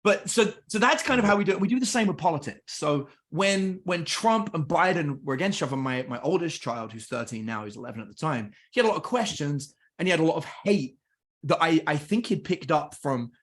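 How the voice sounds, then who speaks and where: A man's voice: a little high, fairly quick. A middle-aged English man, a podcast guest, telling casual stories and acting out conversations with his kids. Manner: lively anecdotes, acts out family dialogue. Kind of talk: casual storytelling.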